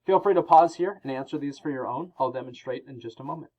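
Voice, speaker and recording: A male teacher explaining grammar rules in a recorded lesson, reading example sentences aloud and pausing between items. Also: medium pitch, mellow, dull audio.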